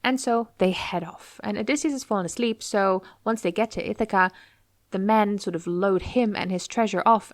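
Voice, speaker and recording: Woman podcast host, casual retelling, playful character voices, mid-pitched, close dry sound. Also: normal speed, no echo. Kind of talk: casual storytelling retelling of a book.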